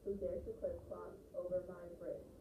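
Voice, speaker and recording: A woman's voice: lowish voice, little pitch movement, moderate pace, gravelly, phone-quality sound, a little hiss or hum. A woman reading as a wicked hungry troll. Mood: menacing. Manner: fuming, slobbering threats. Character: wicked hungry male troll under a bridge. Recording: echoey classroom from far off.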